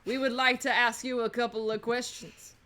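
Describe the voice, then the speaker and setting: A woman's voice: on the high side, little pitch movement, moderate pace, sharp tone. Woman doing a drawling Southern bird detective. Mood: formal. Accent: mock Southern US. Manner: drawling, theatrical.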